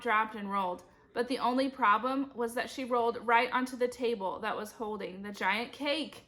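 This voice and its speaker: A woman reads a children's chapter book aloud with lively energy. Her voice sits fairly high and sounds bright and forward. She jumps into loud, high shouts whenever a character yells. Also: moderate pace, hardly any pauses. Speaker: reader.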